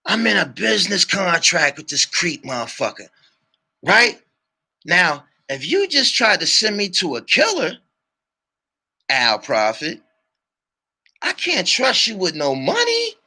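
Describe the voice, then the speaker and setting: A man telling a heated personal story to his channel, swearing often and shouting when worked up. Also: sits high, wildly swooping pitch, a little slow, pauses often, slightly rough. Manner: repeats "you dig what I'm saying". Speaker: channel host. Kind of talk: storytelling vlog monologue.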